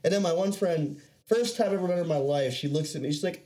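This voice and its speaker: A man's voice: on the high side, fast, dark tone. A young man telling rambling, profane stories in casual chat, laughing often.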